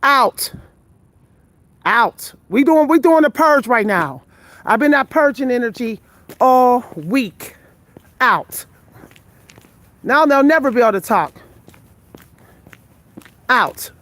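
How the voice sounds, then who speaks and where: A woman's voice: on the high side, animated, slow pace, long pauses, fairly bright tone. Blunt, breathless woman vlogging on a night walk. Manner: blunt, profane, confrontational toward viewers. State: tired and out of breath. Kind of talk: live vlog while walking. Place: outdoors on a night street walk.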